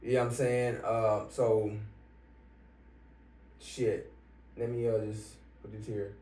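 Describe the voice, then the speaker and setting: A man giving a motivational money-mindset talk as an online business coach, swearing freely and punching key points louder. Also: lowish voice, little pitch movement, slow pace, a little hiss or hum. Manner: profane, emphatic, bursts louder on key points. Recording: roomy, from some distance.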